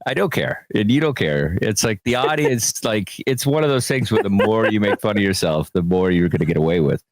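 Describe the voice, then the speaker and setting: A man's voice: on the low side, animated, brisk, no room sound, rough recording. A man co-hosting a comedy podcast, teasing his partner in a laid-back way. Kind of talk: casual comedy podcast chat.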